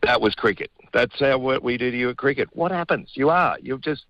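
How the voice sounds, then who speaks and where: A man's voice: mid-range voice, a little fast, no room sound. Man, Australian accent, middle-aged, blokey sports banter, muffled remote line. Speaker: radio guest, former rugby player. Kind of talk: casual sports chat.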